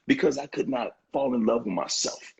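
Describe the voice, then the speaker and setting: Very raspy, gravelly man in his fifties. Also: mid-range voice, normal speed, darkish tone, rough recording. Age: 50s. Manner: emphatic and heartfelt, with frequent restarts and repeated phrases. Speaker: interview guest, author. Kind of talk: earnest conversational interview talk. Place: online live-stream interview.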